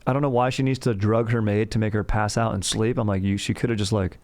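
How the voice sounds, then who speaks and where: Rambling, slangy comedy podcast host. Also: male voice, fairly low pitch, steady tone, quick pace, a little mellow. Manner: rambling, slangy, laughs at his own jokes. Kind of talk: casual comedic storytelling.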